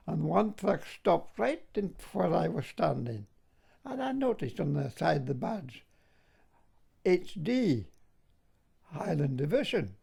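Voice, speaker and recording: Husky and creaky, his slightly high voice has a warm tone as this aging Scottish war veteran reminisces for an interviewer. Between stories he chuckles and frequently slips in "like, you know."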